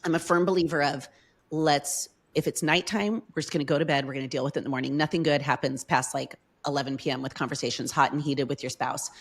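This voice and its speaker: A woman's voice: low-pitched, steady tone, quick pace. A middle-aged woman as a podcast guest, telling a personal story in casual chat with heartfelt emotion.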